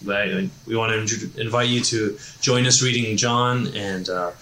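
A man's voice: on the low side, fairly even intonation, moderate pace, sharp tone. A man hosting a faith podcast, reflecting on a bible passage in a casual, affirming way. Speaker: podcast host. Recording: roomy echo, faint noise.

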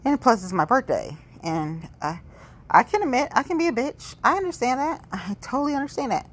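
A woman's voice: fairly high pitch, big pitch swings, a little fast, breathy edge. A woman in her forties giving a rambling, blunt and profane monologue to camera. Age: 40s. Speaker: vlogger. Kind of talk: candid monologue.

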